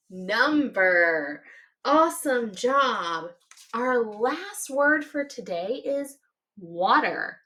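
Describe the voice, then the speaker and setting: A woman's voice: on the high side, pushed and bright. A woman teaching a children's phonics lesson, spelling words letter by letter and giving cheerful praise.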